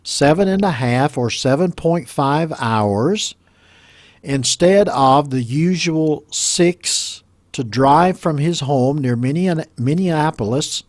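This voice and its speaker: A man with an American accent teaching English pronunciation, reading a news story aloud and explaining words slowly and patiently. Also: fairly high pitch, lively intonation, darkish tone, dry recording. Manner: slow, patient, repeats words for learners.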